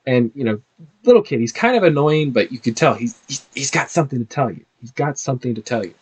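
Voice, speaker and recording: A man narrating a tabletop game as game master, animated and halting. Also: medium pitch, slightly rough.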